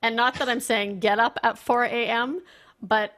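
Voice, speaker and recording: A woman guest on a podcast, talking candidly and telling her story in an animated, casual way. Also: fairly high pitch, normal speed. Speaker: podcast guest, performance consultant.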